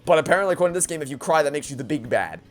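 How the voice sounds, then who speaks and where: Stammering let's play host, exasperated and swearing, pitch leaps all over, soft game music behind. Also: expressive, racing. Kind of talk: emotional let's play commentary.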